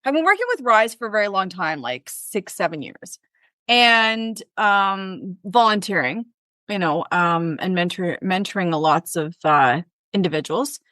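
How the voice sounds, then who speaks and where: A woman from Canada, a guest telling a story in casual conversation, with many fillers and lively retellings. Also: mid-range voice, measured pace, no room sound. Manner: chatty, lots of fillers, animated retelling. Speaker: interview guest.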